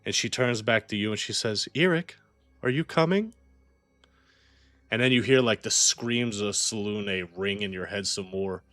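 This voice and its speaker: A man's voice: lowish voice, pushed and bright, dry recording. A man running a tabletop game as game master, narrating casually with lots of "like".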